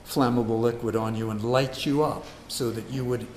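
A man preaching a sermon, swinging from hushed asides to loud, emphatic questions. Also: medium pitch, steady tone, moderate pace, echoey room, a little hiss or hum. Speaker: pastor.

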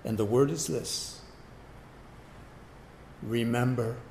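A man's voice: medium pitch, slow, gravelly, a little mellow, a little hiss or hum. A man preaching a Sunday morning sermon, asking the congregation rhetorical questions and repeating key words for emphasis. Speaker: pastor. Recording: echoey room.

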